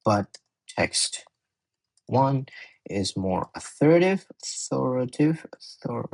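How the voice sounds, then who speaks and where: Husky-voiced guy going thru an english exam, casual, keeps correcting himself, typing at a desk. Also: medium pitch, sing-song, slow, a little mellow, poor audio. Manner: chatty, self-correcting, thinks aloud. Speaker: English tutor.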